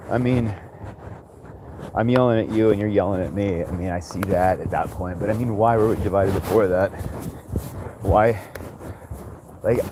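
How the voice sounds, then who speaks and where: A man ranting in a rambling, frustrated monologue while walking his dogs outdoors, swearing often and restarting his sentences. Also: on the low side. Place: outdoors on a walk. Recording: noisy outdoor ambience.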